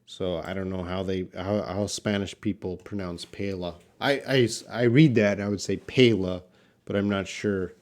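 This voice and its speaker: A man teaching English pronunciation on a live stream, repeating each word slowly and answering viewers' questions from the chat. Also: deep voice, steady tone, a little mellow. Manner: slow, repeats words for learners, answers chat.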